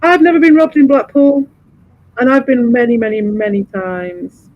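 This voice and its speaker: A man streaming, chatting casually, swearing freely and rambling with animated energy. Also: very high voice, normal speed, no room sound, highs cut off. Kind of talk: casual chat.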